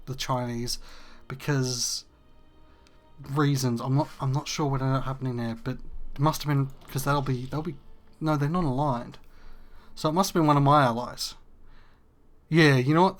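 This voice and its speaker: A man, hosting a casual gameplay rant that is frustrated, profane and rambling. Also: mid-range voice. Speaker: gaming video host.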